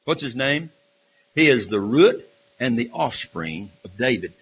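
A man's voice: mid-range voice, very animated, fairly bright tone, slightly rough. A man preaching a sermon with passion, often stumbling and restarting his phrases. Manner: impassioned, halting with repeated restarts and fillers. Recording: reverberant hall.

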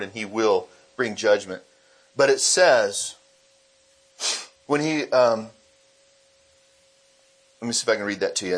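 A male pastor with a mid-range, breathy-edged voice reads scripture aloud during a sermon and explains it. He is animated, taking on acted voices for the figures in the passage.

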